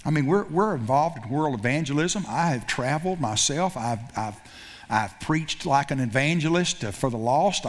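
Man preaching in storytelling style. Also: on the high side. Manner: storytelling with repetitions and self-corrections. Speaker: pastor. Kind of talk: sermon.

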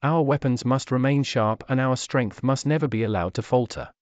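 A stern male orc warrior gives solemn counsel by the fire, as a male narrator puts him on. The voice is medium in pitch and dry, with no room around it. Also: moderate pace, dry recording, natural voice.

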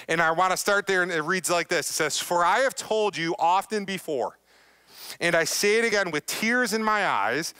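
Bright-voiced pastor preaching. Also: male voice, high-pitched, clean tone, no room sound. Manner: conversational preaching, repeats key phrases. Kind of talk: sermon. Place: church stage.

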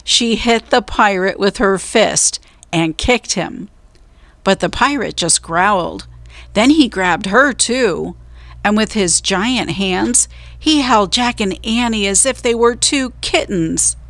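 A woman storyteller reading a children's book aloud, slow, clear and deliberate. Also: medium pitch, animated, a bit bright, dry recording.

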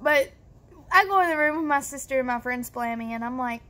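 A young woman vlogger telling a story casually, animated and profane, addressing viewers directly. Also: high voice, a little fast.

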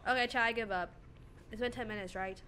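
A woman streaming a horror game, chatting excitably and giggling with her viewers. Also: on the high side, fast, slight background noise. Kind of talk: casual gameplay commentary.

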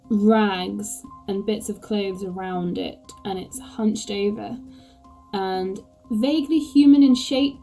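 A woman's voice: medium pitch, a little mellow, rough recording. A woman game master narrating a tabletop game, describing scenes hesitantly with many fillers.

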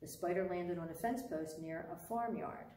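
Woman reading a kids' picture book out loud, chatty and expressive, roomy echo, mic a bit far off. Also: lowish voice, normal speed, a little hiss or hum. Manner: expressive, engaging young listeners with questions. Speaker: children's story reader. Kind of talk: storytime read-aloud. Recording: roomy sound from a distant mic.

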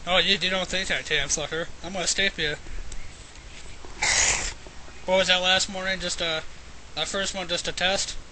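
A man with a high, piercing voice narrates his own gameplay with constant profanity. He taunts and trash-talks an on-screen villain and breaks into yelling bursts. A faint hiss sits under the recording. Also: fairly even intonation, brisk. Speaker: let's play gamer.

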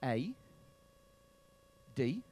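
A man's voice: mid-range voice, big pitch swings, drawn-out words, mellow. A male stand-up comedian in a comedy club, doing profane, bantering crowd work with mock outrage.

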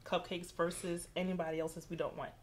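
A woman's voice: on the low side, level tone. A woman, a talk show host who encourages and playfully teases her guest in a casual interview chat. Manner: encouraging, teasing, quick back-and-forth.

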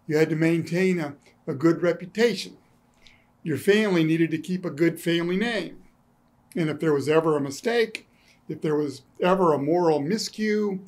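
A male pastor giving a conversational sermon, mixing scripture with dry, self-deprecating humor. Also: fairly high pitch. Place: church sanctuary.

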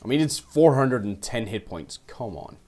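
Excitable man with lively pitch. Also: normal speed, background noise. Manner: excitable, talks to his units. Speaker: let's play streamer. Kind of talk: game commentary.

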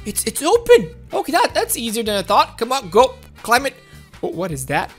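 A woman giving excitable, childlike gameplay commentary while speaking as her game character. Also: on the high side, moderate pace, soft background music. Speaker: game streamer.

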